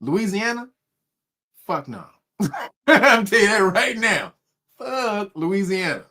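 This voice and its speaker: Animated, profane male storyteller. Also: sits high, a little slow, long pauses. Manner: profane, laughing often, animated. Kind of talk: casual storytelling commentary.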